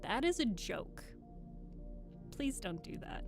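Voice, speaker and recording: A woman's voice: a little high, sing-song, slow, over music. A young woman chatting and joking casually with her live-stream viewers at the microphone. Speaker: streamer and audiobook reader.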